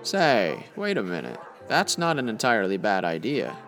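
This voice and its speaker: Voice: medium pitch, huge pitch swings, normal speed, a bit bright, faint music behind. An actor playing a wry newspaper reporter in an old-time radio-drama style, talking in clipped period slang. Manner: wry, clipped 1940s patter.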